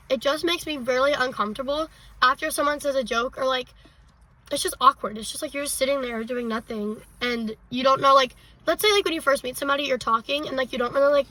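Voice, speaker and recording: A woman's voice: high voice, bright, forceful tone, distant mic, low-quality recording. A young woman co-hosting a podcast, chatting casually with lots of fillers. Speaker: podcast co-host. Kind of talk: casual chat.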